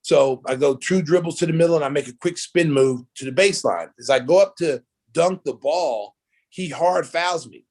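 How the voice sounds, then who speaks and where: A man's voice: on the high side, normal speed. A man in his fifties, a former basketball player, telling a casual anecdote as a guest and acting out the voices in it. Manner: lively storyteller who acts out quoted voices.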